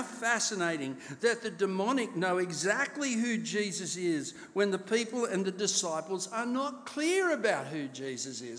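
A man's voice: sits high, big pitch swings, normal speed, hardly any pauses, fairly bright tone. A man preaching a sermon as pastor, often asking his congregation questions to keep them alert. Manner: quizzes the congregation, rhetorical questions. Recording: long hall reverb.

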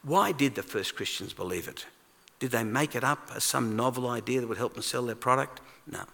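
A man preaching a sermon in a conversational, animated way, acting out quoted lines. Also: medium pitch. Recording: long reverb of a large hall.

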